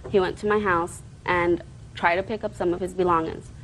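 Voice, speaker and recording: A woman testifies as plaintiff in a courtroom, telling her story in long, earnest runs. Her voice sits a little low, and she turns defensive when pushed. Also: steady tone, brisk, fairly bright tone, a little hiss or hum, poor audio.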